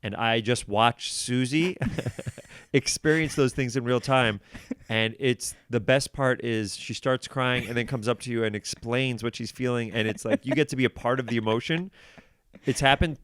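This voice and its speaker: A man in his forties, a comedian guest on a podcast, telling animated stories and acting out what people said. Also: medium pitch, moderate pace, smooth, no echo, clean studio sound. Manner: animated storytelling, acts out quotes. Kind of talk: casual podcast conversation.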